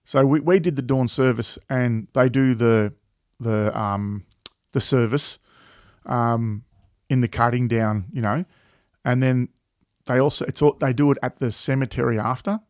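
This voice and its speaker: A man's voice: medium pitch, fairly even intonation, unhurried, no room sound, clean studio sound. A man with an Australian accent, co-hosting a podcast in casual chat, rambling with many fillers and frequent swearing. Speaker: podcast co-host.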